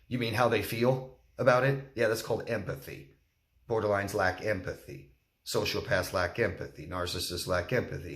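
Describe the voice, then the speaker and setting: A man's voice: on the low side, fairly bright tone, roomy sound. A man, a relationship coach, answering viewer questions in a candid, plain-spoken way and acting out quotes. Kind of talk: solo Q&A talk to camera.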